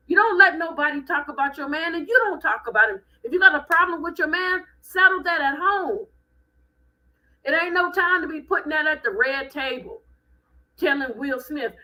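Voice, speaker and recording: A woman hosting a live stream, giving blunt, animated commentary with speech. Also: sits high, normal speed, poor audio. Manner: animated, blunt, preachy ranting.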